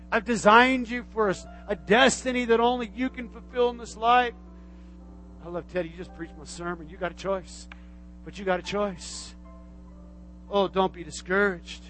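A man preaching a sermon as pastor, repeating phrases and swinging between shouted exhortation and hushed, intimate speech. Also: very high-pitched. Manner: repetitive, call-and-response preaching.

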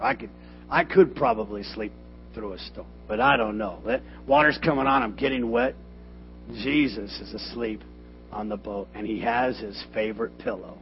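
A man preaching a sermon in a church, animated and joking, with loud emphatic bursts. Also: mid-range voice, normal speed, creaky, a little hiss or hum. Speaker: pastor. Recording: dull lo-fi sermon recording with faint music.

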